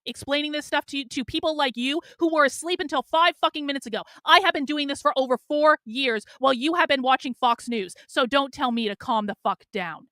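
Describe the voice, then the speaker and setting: Woman, livestream rant, yelling, profane, bright tense voice. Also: sits high, no room sound, clean studio sound. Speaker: political commentator.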